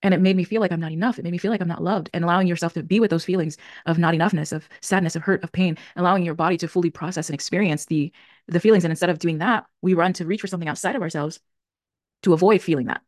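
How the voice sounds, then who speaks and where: Reflective woman podcaster, low-ish voice, talks quick, dry close mic. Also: fairly even intonation, a little mellow, dry recording. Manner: earnest, reflective, self-correcting. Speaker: podcast host. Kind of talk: solo podcast talk on emotions.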